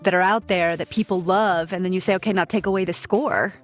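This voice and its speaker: In a lowish voice with fairly even intonation, this podcast co-host talks fairly quickly. She is enthusiastic about film music in the casual chat, rambling and frequently starting her sentences over.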